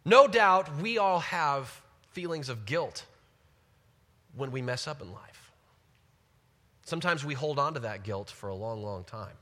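An animated man teaching from the Bible with real enthusiasm, moving between scripture reading and lively, chatty reflection. His voice has a bright, forward edge. A long echo trails after him, as in a large hall. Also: mid-range voice, a little slow, long pauses.

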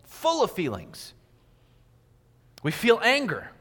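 A man's voice: high-pitched, wildly swooping pitch, takes it slowly, fairly bright tone, husky. A man giving a sermon in a church, acting out little everyday scenes with quoted voices. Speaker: preacher. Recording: long hall reverb.

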